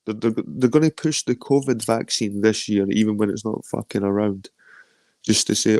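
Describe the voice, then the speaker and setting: A man's voice: fairly low pitch, normal speed, darkish tone, no room sound. A Scottish man of around forty hosting a casual livestream, rambling, swearing freely and greeting viewers as he reads their comments. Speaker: livestream host.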